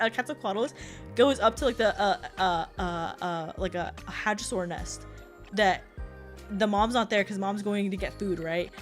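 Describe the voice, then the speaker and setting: A young woman VTuber streamer in casual, animated livestream chat, swearing and laughing often with lots of fillers. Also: on the high side.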